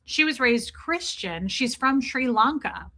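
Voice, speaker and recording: A woman hosting a livestream, telling a story in a chatty, animated way while greeting her chat. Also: sits high, measured pace. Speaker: livestream host.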